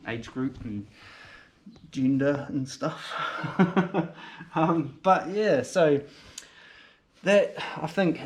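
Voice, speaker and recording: A man's voice: mid-range voice, slight background noise. A man with a New Zealand accent hosting a casual car restoration vlog, thinking aloud and correcting himself as he works in a garage, talking into a handheld camera. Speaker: car restoration channel host. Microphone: handheld camera mic.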